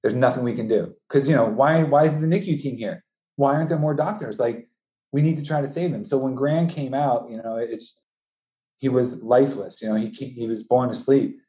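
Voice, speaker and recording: A grieving father speaks in a mellow, dark-toned voice, halting and restarting as he recounts a painful loss. His delivery is emotional and unpolished, the talk of a personal interview rather than a script. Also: mid-range voice. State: voice breaking, high and strained with grief. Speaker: bereaved father telling his story.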